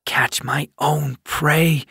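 A man's voice: on the high side, steady tone, drawn-out words, gravelly, bright, forceful tone, slightly rough, no echo, studio quality, pitched above the performer's own voice, exaggerated voice. A man voicing a young male kitten in an audiobook, curious and hesitant, asking questions. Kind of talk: audiobook character voice.

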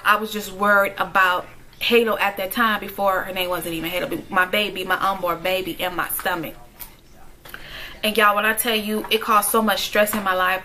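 A woman's voice: mid-range voice, normal speed, bright, forceful tone, slight background noise, low-quality recording. A woman, a mother, telling a personal story in a direct, emphatic way, often checking in with her viewers. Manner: emphatic, direct, keeps asking "okay?". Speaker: vlogger, stay-at-home mom. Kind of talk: storytime vlog.

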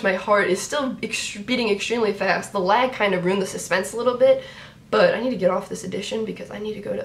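A young woman reacting to a sports draft on her vlog, chatty and excitable, talking to her viewers. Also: medium pitch, fast talker. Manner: excitable, talks to viewers, repeats herself. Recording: roomy echo, faint background noise.

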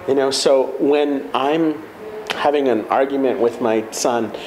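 A man's voice: medium pitch, unhurried, background noise. A man in conversation, speaking reflectively about feelings and telling personal stories. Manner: reflective, storytelling, animated quoting of himself. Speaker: guest speaker. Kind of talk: conversational talk.

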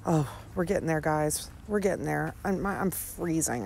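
Woman commentator, sarcastic and crude; low voice that swings wide, slow pace. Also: gravelly, a little hiss or hum. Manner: sarcastic, profane, lively swings into high exclamations. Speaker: comedy commentator. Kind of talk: mocking commentary on read-out texts.

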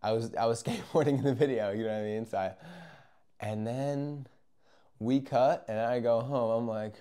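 A young man telling a casual, rambling story, acting out moments with yells and whispers. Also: medium pitch, normal speed, clean tone. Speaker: vlogger.

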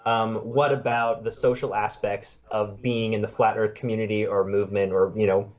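A man's voice: fairly low pitch, level tone, normal speed, highs cut off. A man interviewing a guest for a student project, asking questions hesitantly with many filler words.

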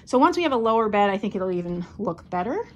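A woman's voice: medium pitch, big pitch swings, fast talker. A middle-aged woman chatting casually on camera at home, showing off her thrifted decor finds with plenty of enthusiasm. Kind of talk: casual vlog show-and-tell. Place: at home, moving between rooms and outdoors.

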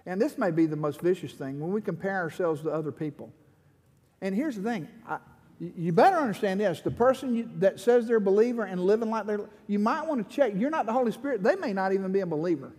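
A middle-aged man preaching with passion, his high voice carrying through a long hall echo. He explains a passage and then presses the point with growing urgency, as a pastor does in a church. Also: animated, fast, a little mellow, husky. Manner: impassioned, rising to fervent pleading in prayer. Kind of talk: sermon.

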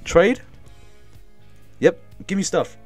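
Excitable coughing male streamer, lively pitch. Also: takes it slowly, no echo, faint music behind. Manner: excitable, reads chat and thanks viewers. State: coughing, feeling ill. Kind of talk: live game stream chat.

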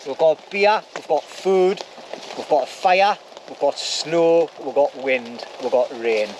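A middle-aged man vlogging a camping trip jokes to a handheld camera at an outdoor wild camp, using dialect slang. His voice is a little high and slow, and the outdoor camera audio has loud rain plus a little hiss or hum.

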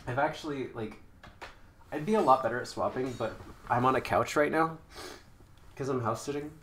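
A man streaming a game from a couch, chatting and taunting opponents with sudden loud outbursts. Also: mid-range voice, normal speed, reverberant, slight background noise. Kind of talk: live gameplay chat. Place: indoors on a couch while house sitting.

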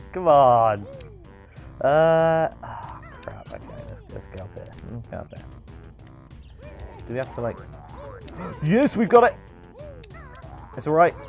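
A man hosting a live speedrun stream, chatty and excitable, with frequent exclamations and cheers. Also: medium pitch. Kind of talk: live gameplay commentary.

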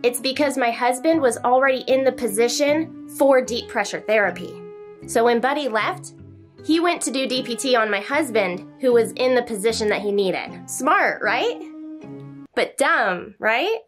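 A young woman vlogger telling a story in a chatty, animated way, now and then talking to her dog. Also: on the high side. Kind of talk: casual storytelling vlog.

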